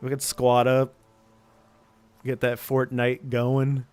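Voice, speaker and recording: A man's voice: mid-range voice, completely flat delivery, takes it slowly, a little mellow, smooth, soft background music. A man streaming live, chatting goofily with his viewers and laughing often. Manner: goofy, laughs a lot, chats with viewers. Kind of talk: casual live-stream chat.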